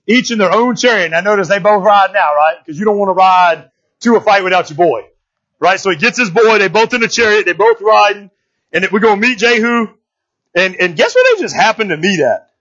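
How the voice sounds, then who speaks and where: Man, casual sermon, high husky voice, dull lo-fi recording. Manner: animated, slangy, joking asides with laughs. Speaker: preacher teaching a Bible passage.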